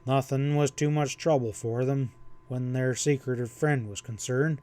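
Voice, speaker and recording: A man reading a western novel aloud as an audiobook narrator, in a steady storytelling manner. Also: medium pitch, a little slow.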